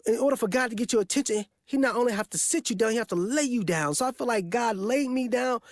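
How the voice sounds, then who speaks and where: A man's voice: very high-pitched, fast, no echo. Man, 40s, motivational speaker, earnest repetitive testimony, dry close sound. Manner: earnest, repetitive, emphatic retelling. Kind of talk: personal testimony storytelling.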